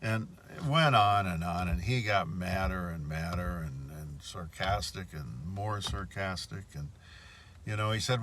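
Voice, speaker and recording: A man's voice: low-pitched, unhurried, a bit bright. A man telling a story in a casual monologue, indignant and repeating his points. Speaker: bank customer telling of a complaint.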